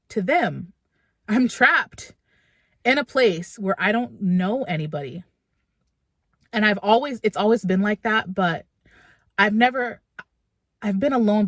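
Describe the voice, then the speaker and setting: A woman's voice: medium pitch, no room sound, studio quality. A woman vlogging from her car and then a supermarket, candidly venting and getting emotional. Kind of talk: casual personal vlog.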